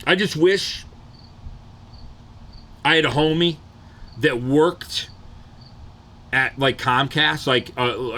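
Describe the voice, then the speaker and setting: A man's voice: medium pitch, pushed and bright, slight background noise. A man from the Detroit area, ranting casually and profanely on a livestream and often asking "you know what I'm saying".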